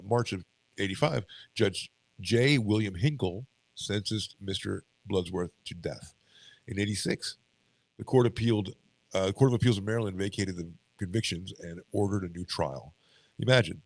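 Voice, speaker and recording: A deep, gravelly man with a stuffy nose talks through a podcast episode, reading from notes and stumbling over words. He often breaks off to chat. His voice is close and dry, with no room sound. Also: no room sound, low-quality recording. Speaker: podcast co-host. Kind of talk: casual podcast commentary, reading notes aloud.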